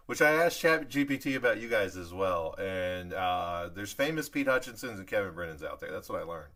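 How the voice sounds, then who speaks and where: Low-voiced man telling rambling stories. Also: expressive, a little fast, bright, forceful tone. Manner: rambling storyteller who laughs mid-sentence. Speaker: podcast co-host. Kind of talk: casual chat.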